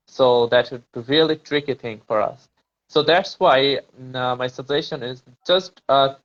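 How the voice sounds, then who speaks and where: A man's voice: medium pitch, a bit bright. Hesitant man on a muffled call. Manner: hesitant, many fillers and restarts. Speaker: student preparing for an English exam. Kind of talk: casual conversation practice.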